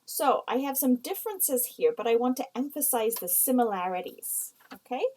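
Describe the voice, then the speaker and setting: Woman teaching writing slowly, bit high. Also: expressive, mellow, poor audio. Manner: slow, explanatory, reads example sentences aloud. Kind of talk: recorded writing lesson.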